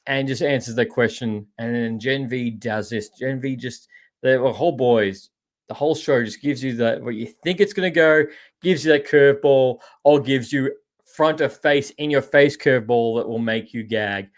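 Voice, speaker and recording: A man's voice: medium pitch, normal speed. Chatty Australian man hosting a podcast. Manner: rambling, chatty, says "mate" a lot. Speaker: podcast host. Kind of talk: casual live-stream chat reading viewer comments.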